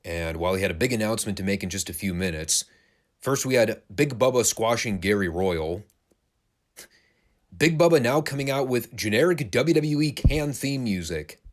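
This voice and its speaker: Lively low-voiced man recapping wrestling. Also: moderate pace. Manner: animated, laughing, casual swearing. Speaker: wrestling show reviewer. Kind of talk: casual recap commentary.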